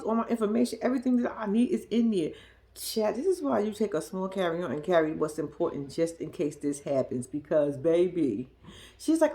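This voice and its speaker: A woman's voice: medium pitch, darkish tone. A young woman giving a sassy, slangy recap of a reality show, mimicking the cast in squealing voices. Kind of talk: casual recap commentary.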